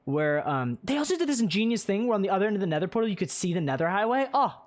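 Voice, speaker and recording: A man's voice: high-pitched, very animated, rapid-fire. Rambling, swearing male streamer. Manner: rambling, swears often, many fillers. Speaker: streamer and server organizer. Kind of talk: casual stream chat, touring a game world.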